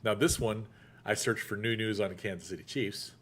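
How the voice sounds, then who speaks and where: A man's voice: on the low side, a little fast, a bit bright, slight background noise. A middle-aged man hosting a casual chat show, joking and laughing as he talks. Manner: chatty, joking, laughs often. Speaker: show host.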